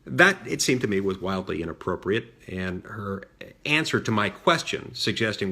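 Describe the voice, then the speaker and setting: A middle-aged man telling a personal story in a measured way, with frequent fillers and restarts. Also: low-pitched, animated, creaky, pushed and bright, slightly rough. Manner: measured, many fillers and restarts, mimics voices in quotes. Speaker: senator recounting a childhood story. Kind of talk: storytelling monologue.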